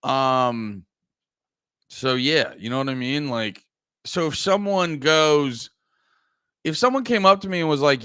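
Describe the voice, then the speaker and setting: Profane rambling young man, smooth voice. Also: medium pitch, big pitch swings, measured pace, long pauses, a bit bright, dry recording, clean studio sound. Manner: profane, rambling, self-interrupting, laughs often. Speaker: podcast host. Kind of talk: casual rambling chat.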